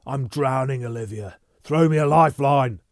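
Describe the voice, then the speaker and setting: A man's voice: mid-range voice, fairly even intonation, measured pace, darkish tone, no room sound, lightly acted. A tormented, volatile spaceman speaks in raised, urgent bursts, as a man reads him. The delivery is pleading and bitter. The recording is dry and close.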